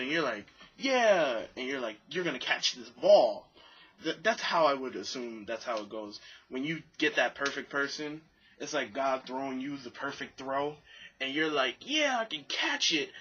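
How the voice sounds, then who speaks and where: A young man vlogging to camera in a rambling, self-deprecating way, mimicking other people in high voices. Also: sharp tone, slightly rough, dull audio. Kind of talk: casual monologue to camera.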